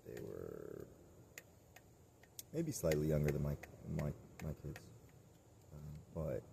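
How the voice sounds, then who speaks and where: A man talking casually to camera in a candid, self-reflective monologue, rambling and halting with many restarts. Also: extremely low pitch, sing-song, gravelly, background noise. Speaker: vlogger.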